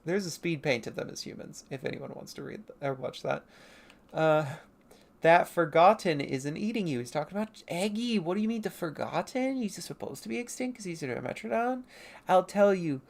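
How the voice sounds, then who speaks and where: A young adult artist chats loosely on a livestream, poking fun at their own childhood work and dropping into quick character bits. The voice carries a gravelly, fry-tinged texture at a middling pitch, picked up on a home streaming mic. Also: animated. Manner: rambling, self-mocking, briefly acting out character lines. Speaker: artist livestreaming a comic read-through. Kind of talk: casual livestream commentary.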